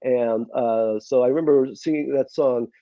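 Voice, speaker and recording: A man's voice: mid-range voice, fairly even intonation, normal speed, no room sound. A middle-aged man from Russia with a slight Queens accent, an author chatting in an interview in a self-deprecating way with many fillers. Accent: slight Queens New York. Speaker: author guest. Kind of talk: conversational interview. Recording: dull lo-fi sound.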